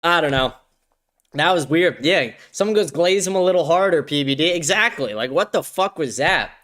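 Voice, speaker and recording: A man's voice: on the high side, expressive, moderate pace, fairly bright tone. A young man hosting a live stream, reacting to clips and reading chat aloud with crude, sarcastic commentary and frequent laughter.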